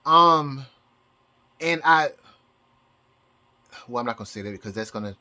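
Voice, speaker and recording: A man talking to his channel in a rambling personal monologue, halting and full of restarts, close to tears. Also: mid-range voice, animated, bright, forceful tone. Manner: halting, with many repeated words and restarts. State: emotional, near tears. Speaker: astrology YouTuber.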